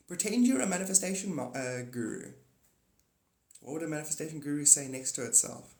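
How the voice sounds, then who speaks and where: A man's voice: fairly high pitch, fairly quick. Rambling man livestreaming in an echoey room. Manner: rambling, animated, spiritual talk. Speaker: livestream host. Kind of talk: casual livestream chat reading comments. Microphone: phone.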